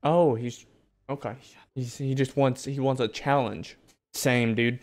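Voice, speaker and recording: A man's voice: medium pitch, a little slow, vocal fry, darkish tone. Brash young man joking over gameplay. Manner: brash, joking, swears often, talks back to the game. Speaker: gaming video host. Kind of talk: casual gameplay commentary.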